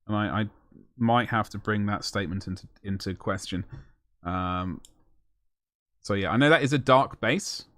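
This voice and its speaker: A man's voice: fairly low pitch, normal speed, long pauses, a bit bright, no room sound, studio quality. A young man chatting casually and jokingly while painting miniatures on a live stream, rambling with self-mocking asides.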